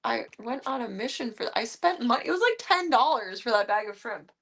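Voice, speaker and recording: A woman's voice: fairly high pitch, animated, a little fast, a bit bright. A woman live streamer at home, chatting casually and talking to her pets in an amused, baffled way. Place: at home with her cats and dogs.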